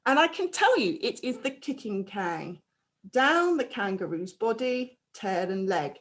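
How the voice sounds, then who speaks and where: A woman teaching a phonics lesson to young children, prompting them with slow, clear, drawn-out sounds. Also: fairly high pitch, big pitch swings. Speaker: primary school teacher.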